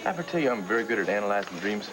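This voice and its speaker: A man's voice: fairly low pitch, sing-song, racing, background noise. An actor in a 1980s soap opera playing a joking young man who works as a porter. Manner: teasing, joking.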